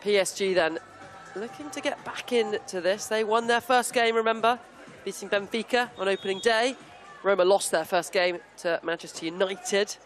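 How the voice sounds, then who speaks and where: Lead commentator, woman, mid voice, brisk, light crowd behind. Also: medium pitch, soft background music. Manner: brisk, jokey asides. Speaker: play-by-play commentator. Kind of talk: live football commentary.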